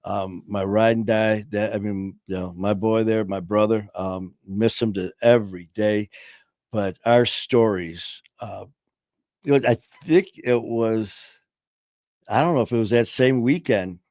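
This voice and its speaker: A man's voice: on the low side, measured pace, darkish tone, no room sound, studio quality. Rambling man telling a funny story. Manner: rambling, frequent fillers, laughs at own stories; swears casually. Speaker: podcast host. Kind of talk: casual storytelling chat. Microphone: home streaming setup.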